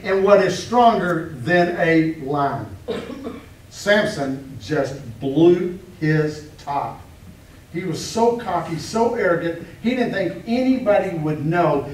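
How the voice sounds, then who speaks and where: A male pastor preaching a sermon, animated and joking as he acts out the story's quotes. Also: high voice. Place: church hall. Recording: echoey room, mic at a distance.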